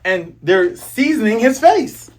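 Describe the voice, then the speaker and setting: A man reviewing a comic in casual commentary, animated, joking and acting out the characters. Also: very high voice, slow pace. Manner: animated, jokes and acts out characters.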